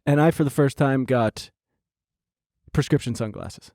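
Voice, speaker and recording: A man co-hosting a podcast, telling a story in casual chat, animated and swearing freely. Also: mid-range voice, measured pace, gravelly, no echo, clean studio sound. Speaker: podcast co-host.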